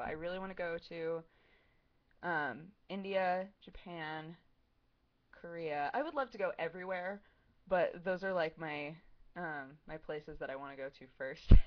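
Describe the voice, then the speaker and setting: Rambling giggly young woman streamer. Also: fairly low pitch. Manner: rambling, giggly, heavy use of "like" and "um". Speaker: streamer answering chat questions. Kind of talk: casual livestream chat. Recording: dull lo-fi stream audio.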